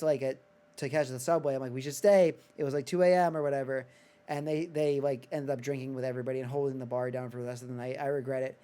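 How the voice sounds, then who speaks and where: A young man from the United States hosting a podcast in casual chat, excitable, swearing, with lots of filler words. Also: on the high side. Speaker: podcast host.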